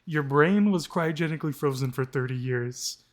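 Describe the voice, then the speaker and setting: A man's voice: a little high, normal speed. A man co-hosting a movie podcast, ranting casually with lots of restarts. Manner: ranting, animated, frequent restarts. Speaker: podcast co-host.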